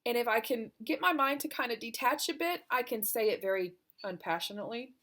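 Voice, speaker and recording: A woman's voice: a little high, fairly quick, a bit bright. A woman, probably in her thirties or forties, talking through her struggles as a homeschooling mom in a rambling, self-critical confessional vlog, holding back tears. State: near tears.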